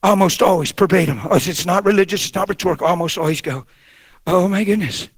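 Man, fifties, preacher, very high voice, shouts and hushes, dry close sound. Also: quick pace, husky, no echo. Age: 50s. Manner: swings from shouting to hushed, intimate tones. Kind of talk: sermon.

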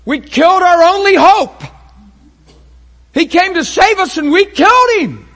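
A man preaching a sermon with great passion, often rising to a shout and acting out how his listeners would react. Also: very high voice, animated, measured pace.

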